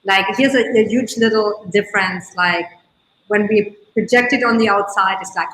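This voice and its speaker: A woman who is a guest on a talk show, speaking in an emphatic, expressive way. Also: medium pitch, moderate pace, reverberant, a little hiss or hum, low-quality recording. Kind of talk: casual conversation.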